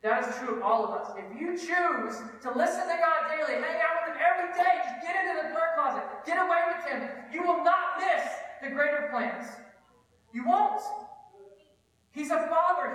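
A pastor from Kansas preaching a conversational, earnest sermon full of personal stories. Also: male voice, very high-pitched, brisk, a bit bright. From Kansas, USA. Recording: echoey hall, distant mic.

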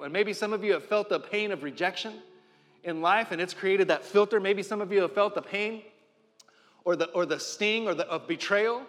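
A man preaching a sermon, impassioned, swinging between loud and hushed, often repeating and restarting words. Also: high voice. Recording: long hall reverb with faint music.

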